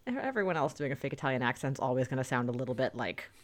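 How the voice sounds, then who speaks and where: A woman's voice: a bass voice, expressive, very fast. A woman co-hosting a podcast, chatting casually about a film, laughing often and restarting her sentences. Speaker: podcast co-host.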